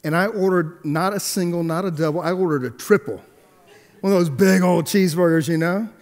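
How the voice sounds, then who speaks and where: Male pastor preaching a story, somewhat high-pitched, echoing church acoustics, stop-start delivery. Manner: animated storyteller, swings between hushed and emphatic; halting restarts and repeated words. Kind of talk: storytelling sermon. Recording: long echoey hall reverb.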